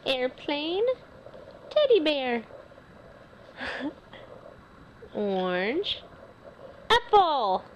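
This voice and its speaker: A mother reading a picture book to a toddler at home, naming each word slowly and coaxing the child to repeat it. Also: sits high, huge pitch swings. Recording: noisy home video.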